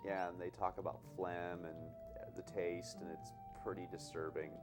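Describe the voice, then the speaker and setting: Low-voiced guy commentating his game. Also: flat delivery, moderate pace, over music. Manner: chatty, laughs often, self-mocking. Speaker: game runner at a charity marathon.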